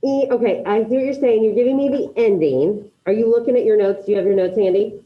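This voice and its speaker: Fast-talking and fairly high-voiced, a woman teaches a high school Spanish class online. She calls each student by name and encourages their replies, all recorded in dull, lo-fi video call audio.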